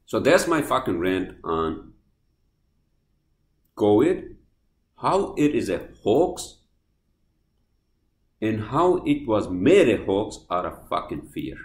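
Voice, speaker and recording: A man hosting a podcast, ranting angrily and swearing, swinging from loud outbursts to quiet apologies. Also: fairly low pitch, very animated, takes it slowly, pauses often, echoey room. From New Jersey, US. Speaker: podcast host. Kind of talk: heated podcast rant.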